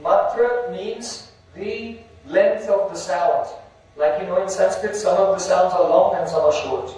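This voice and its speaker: Echoey, high-voiced man teaching scripture. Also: a little slow, a little mellow. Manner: explains Sanskrit verses word by word, chants syllables. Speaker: spiritual teacher. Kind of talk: sermon explaining scripture. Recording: very echoey hall, heard from a distance.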